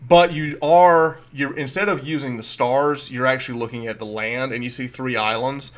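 A man narrating as game master, casual and halting with many fillers. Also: mid-range voice, steady tone, fairly bright tone.

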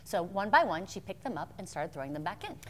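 A woman co-hosting a comedy show, telling scripted bits in a brisk, expressive way. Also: lowish voice. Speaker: co-host.

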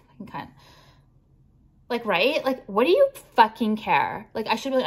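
A woman's voice: medium pitch, expressive, fast talker. A young woman designer vlogging casually, showing jewelry and ranting bluntly with lots of swearing and fillers.

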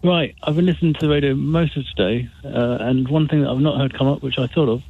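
Calling into a radio phone-in, a man rambles, hesitates and keeps restarting as he tries to make his point. He talks fast in a mid-range voice with a breathy edge, and the telephone line sounds tinny.

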